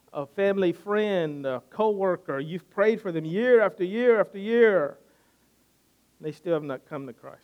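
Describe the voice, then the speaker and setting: A man's voice: high-pitched, dull audio. A man preaching a sermon, earnest and building his points by repeating phrases. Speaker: pastor.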